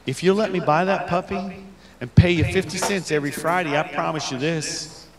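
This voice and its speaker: A man voicing a determined nine-year-old girl with a leg brace, speaking earnestly and quietly before a live audience. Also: fairly high pitch, a little fast, close to an everyday voice. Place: school assembly in a theater. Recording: live audience crowd in a theater.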